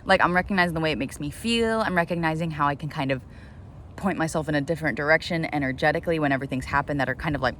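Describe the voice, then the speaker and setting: A woman with a slightly low voice rambles excitedly in a casual vlog, dropping "like" into nearly every sentence and swearing freely. She is recorded outdoors in the sun, with faint traffic noise behind her. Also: racing. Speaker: vlogger. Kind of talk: casual self-talk vlog.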